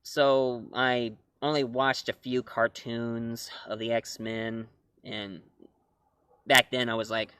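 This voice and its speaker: A man chats to camera about comics and films, rambling and restarting his sentences. His voice sits at a middle pitch for a man. The sound is close and dry. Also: flat delivery, takes it slowly, fairly bright tone, clean tone, no room sound. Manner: rambling, self-correcting, chuckling. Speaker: comics and film reviewer. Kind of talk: casual talk-to-camera review.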